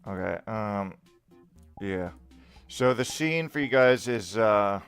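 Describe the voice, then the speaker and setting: A man's voice: lowish voice, expressive, takes it slowly, smooth, soft background music. A man directing an improv scene in a game, hesitant with many fillers. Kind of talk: casual game narration.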